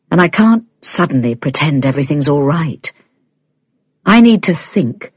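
A woman reading an audiobook, playing a troubled adult man in a low, subdued, measured voice. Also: breathy edge, dry recording, clean studio sound.

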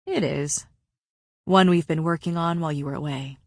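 A woman reading an audiobook, voicing a grim, commanding male fae lord in a lowered, measured delivery. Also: gravelly, no echo, studio quality. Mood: grave. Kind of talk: audiobook character voice.

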